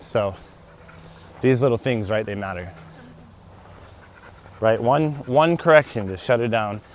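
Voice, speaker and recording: A young man, a dog trainer, talking casually through each step of a training session while walking his dog outdoors. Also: slight background noise. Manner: explains steps aloud, breaks into high excited praise for the dog. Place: outdoors on a walking path and grass.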